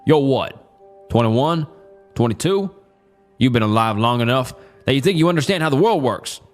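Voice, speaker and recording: A man voicing a cruel masked male cult leader with a put-on Southern accent, speaking with quiet, level malice. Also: mid-range voice, expressive, moderate pace, soft background music, natural voice. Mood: quiet menace.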